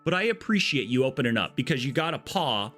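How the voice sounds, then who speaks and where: A man's voice: mid-range voice, big pitch swings, fast talker, a bit bright, soft background music. A man streaming a platform game live, chatty and jokey, reading out and greeting chat viewers. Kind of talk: casual live-stream commentary.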